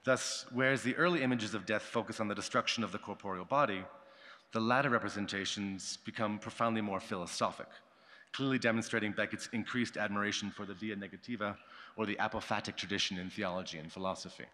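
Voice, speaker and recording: A man giving a conference talk, reading a prepared academic paper in a formal, measured way and marking quotations aloud. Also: on the low side, pushed and bright. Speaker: conference speaker. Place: conference hall. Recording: long hall reverb.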